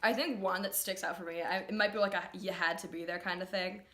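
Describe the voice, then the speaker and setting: A woman's voice: fairly low pitch, fairly even intonation, quick pace, fairly bright tone, roomy sound, a little hiss or hum. A young woman chatting casually with her sister while doing makeup, teasing and laughing as she tells stories. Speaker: co-host. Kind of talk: casual chat. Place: home room. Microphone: phone camera close up.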